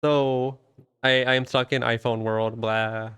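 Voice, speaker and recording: A man's voice: medium pitch, level tone, a little slow, a bit bright, clear, resonant tone, no echo. A young man hosting a casual live stream as a VTuber, rambling loosely and swearing often.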